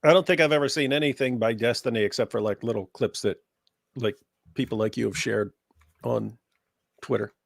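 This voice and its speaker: A man's voice: mid-range voice, steady tone, a little fast, gravelly, long pauses, no echo, studio quality. A man co-hosting a casual livestream, wisecracking and teasing his co-host.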